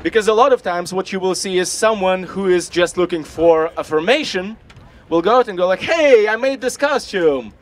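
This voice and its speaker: High-voiced man leading a costume workshop. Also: a little fast. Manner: casual, swears, acts out quoted voices. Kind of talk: workshop talk to a crowd.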